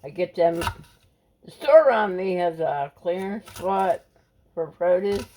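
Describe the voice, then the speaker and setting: Chatty woman cooking over loud sizzle. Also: fairly low pitch, animated, measured pace, noisy background. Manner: chatty, homespun, loose with restarts. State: has the hiccups. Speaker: cooking vlogger. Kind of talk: casual cooking walkthrough. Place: home kitchen. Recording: loud frying sizzle behind.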